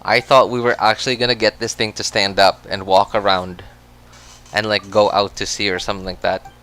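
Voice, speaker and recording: A man's voice: on the low side, level tone, fairly quick, bright, forceful tone, smooth. A man chatting casually on a game livestream, rambling with many restarts and frequent laughs. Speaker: game streamer.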